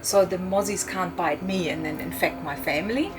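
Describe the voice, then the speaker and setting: A middle-aged woman, an interview guest, recounting a personal experience earnestly and haltingly, with frequent fillers. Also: on the low side, music in the background. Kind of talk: personal account in conversation.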